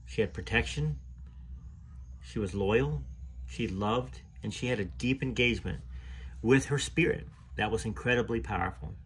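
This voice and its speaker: A man with a husky, slightly breathy voice at an ordinary middle pitch reads a memoir aloud. His reading is earnest and emotional, and he breaks off now and then to talk about the text in his own words. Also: fairly bright tone. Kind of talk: reading aloud with spoken asides.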